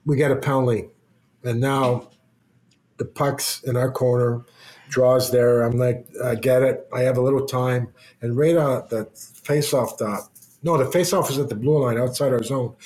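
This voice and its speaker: A middle-aged retired hockey player, appearing as a podcast guest, tells rambling, casual anecdotes that keep restarting and are full of quoted voices. His voice is medium in pitch with a darkish tone.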